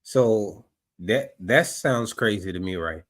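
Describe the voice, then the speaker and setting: A man commenting on footage during a livestream, skeptical and halting, often restarting his sentences. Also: on the low side, animated. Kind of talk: casual commentary over footage.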